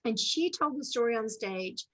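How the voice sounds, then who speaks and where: A woman's voice: fairly high pitch, expressive, moderate pace, fairly bright tone, low-quality recording. A woman giving an earnest, faith-based motivational talk to a sales team, chatty and full of asides.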